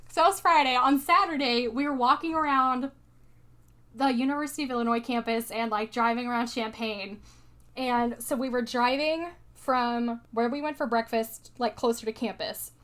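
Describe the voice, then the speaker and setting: A young woman co-hosting a casual podcast, chatty and quick to laugh, with lots of fillers as she walks through her slides. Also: fairly high pitch, a bit bright. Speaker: podcast co-host presenting slides. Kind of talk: casual chat.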